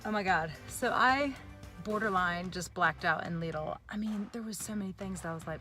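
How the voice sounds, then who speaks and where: A woman's voice: lowish voice, moderate pace, faint music behind. Joking American woman vlogging to camera. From United States. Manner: animated, joking, sassy asides. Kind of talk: casual talk to camera.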